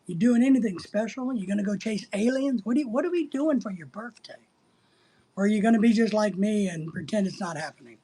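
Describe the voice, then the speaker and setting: A man's voice: high voice, a little mellow, breathy edge. A middle-aged man hosting a casual livestream, reading out chat and rambling in a crude, joking way.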